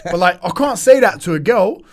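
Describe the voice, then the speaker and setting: A man's voice: high voice, brisk. A young man telling stories in casual chat, full of slang and laughing often. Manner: laughing storyteller, slangy and animated. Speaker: podcast guest.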